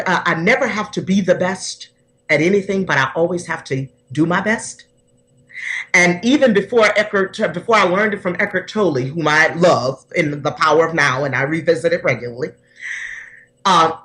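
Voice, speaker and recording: A woman's voice: lowish voice, fairly bright tone. A woman personal development coach speaking earnestly and from the heart as a podcast guest, often restarting her sentences.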